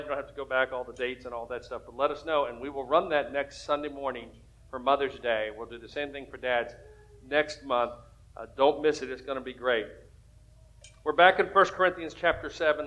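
A man's voice: on the high side, fairly bright tone. A man preaching and making announcements as pastor, talking in a folksy way with frequent restarts and asides. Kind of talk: sermon with church announcements. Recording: dull lo-fi church recording.

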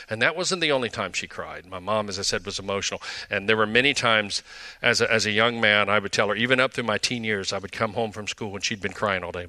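A man's voice: lowish voice, bright, forceful tone, dry recording. An older man pastor giving a conversational sermon, with frequent asides and restarts.

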